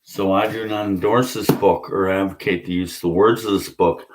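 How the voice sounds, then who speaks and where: A man's voice: low-pitched, steady tone, moderate pace, background noise. A man giving a blunt, profane, rambling vlog rant full of fillers. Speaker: atheist vlogger. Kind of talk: ranting vlog monologue. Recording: echoey room.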